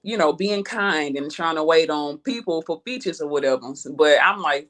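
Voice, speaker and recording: A Houston, Texas rap artist with a Southern accent, this woman has a deep voice, speaks at normal speed, and barely pauses. In a casual interview she's laid-back and slangy, swearing freely.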